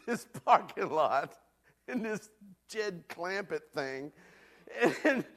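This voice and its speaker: Animated pastor telling a story. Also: male voice, very high voice. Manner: animated storyteller, loud hollering peaks. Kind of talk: sermon with personal story.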